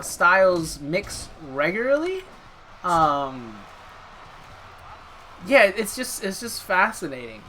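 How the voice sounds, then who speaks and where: A woman's voice: mid-range voice, bright, forceful tone, a little hiss or hum. A woman streaming a wrestling video game, chatting casually and with amusement as she thinks aloud. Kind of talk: casual gameplay commentary.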